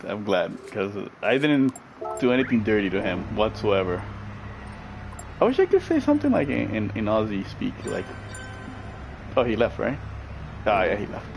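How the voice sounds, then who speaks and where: A man's voice: lowish voice, very animated, normal speed, creaky, pauses often. A middle-aged man streaming a racing game live, chatting casually, reading viewer comments aloud and laughing often. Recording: racing game car noise loud behind voice.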